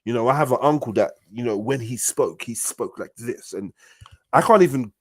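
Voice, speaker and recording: Animated man chatting on a livestream, heavy slang, big swings in loudness, mid pitch. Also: normal speed, breathy edge, no echo. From United Kingdom. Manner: animated, slang-heavy, swings from low and soft to loud and high. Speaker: livestream host. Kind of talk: casual chat.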